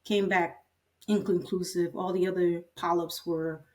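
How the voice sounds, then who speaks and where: A woman's voice: lowish voice, flat delivery, a little slow. A woman in her fifties candidly recounting her own story in an interview, acting out the conversations she had with others. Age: 50s. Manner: candid, retells scenes by quoting others. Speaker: patient sharing her story. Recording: voice from a distance.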